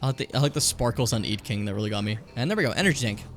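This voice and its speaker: A tired man in his late twenties casually comments on a game he's streaming, swearing freely and stumbling as he reads on-screen text aloud. His medium-pitched voice is animated and rapid-fire, heard over music.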